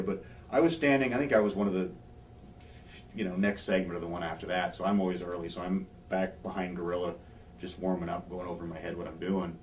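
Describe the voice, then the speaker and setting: Low-voiced man telling wry wrestling stories. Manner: wry anecdotal storyteller, acts out quotes. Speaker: interviewed former pro wrestler. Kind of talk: shoot interview storytelling. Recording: distant mic, faint ambient hiss.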